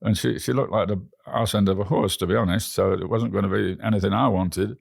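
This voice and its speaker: A man's voice: fairly low pitch, fairly even intonation, fairly quick, gravelly, husky, no room sound, studio quality. A man with an English accent, a guest telling rambling travel stories in an interview, often restarting his words. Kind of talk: anecdotal storytelling.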